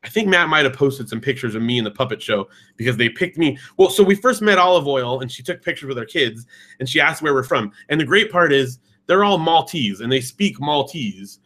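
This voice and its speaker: A man's voice: mid-range voice, lively intonation, a little fast, bright, forceful tone. A man in his thirties from California, telling a travel story in casual chat and mimicking the voices he heard. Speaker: podcast co-host.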